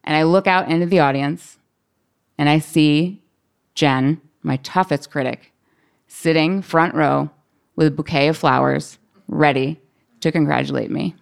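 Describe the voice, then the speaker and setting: Animated woman telling a live story. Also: sits low, a little slow, gravelly, long pauses, smooth. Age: adult. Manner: animated, acts out quoted voices with laughter.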